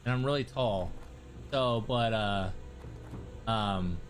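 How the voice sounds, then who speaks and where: A man's voice: lowish voice, takes it slowly, faint music behind. A man chatting casually on a livestream, blunt and swearing freely. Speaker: streamer.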